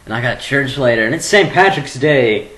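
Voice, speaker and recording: A man rambling goofily in a webcam vlog at home at his computer, jumping between low mumbling and sudden squeals. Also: lively intonation, normal speed, very noisy. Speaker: vlogger.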